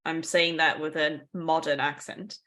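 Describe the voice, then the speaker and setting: A woman co-hosting a relaxed conversational podcast, her voice sitting a little low. She explains things in a chatty, easygoing way, adding asides and light laughs as she goes. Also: unhurried. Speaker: podcast co-host.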